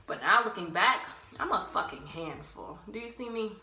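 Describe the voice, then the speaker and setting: A young woman tells a personal story in a loose, profane, storytime way. Her voice is bright and forceful. It sits at a middle pitch and echoes in a roomy space. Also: lively intonation, normal speed, hardly any pauses. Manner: blunt, laughing, cussing freely. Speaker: vlogger. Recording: roomy echo.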